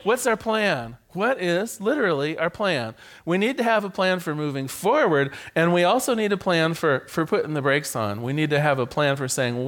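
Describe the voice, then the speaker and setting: A male minister with a somewhat high voice delivers a sermon. His pitch swings widely as he speaks, and his delivery is playful and animated, with occasional stumbles where he repeats a word before carrying on. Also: normal speed, few pauses.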